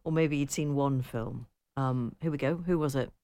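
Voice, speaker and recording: Low-voiced woman co-hosting radio. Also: moderate pace, warm tone, dry recording. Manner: chatty, reads listener emails aloud, laughs often. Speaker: radio co-host. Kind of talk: casual radio chat.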